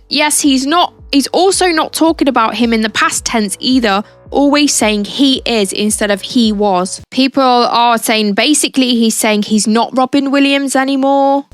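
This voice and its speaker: A woman hosting a casual commentary video, chatty and explaining things as she goes. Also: fairly high pitch. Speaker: commentary host. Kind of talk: casual commentary on social clips.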